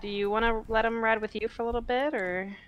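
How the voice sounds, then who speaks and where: A woman's voice: a little high, steady tone, fast, highs cut off, slight background noise. Chatty giggly woman gamer. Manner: chatty, giggly, exclaims often. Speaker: roleplay player. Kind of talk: casual in-character chat while driving.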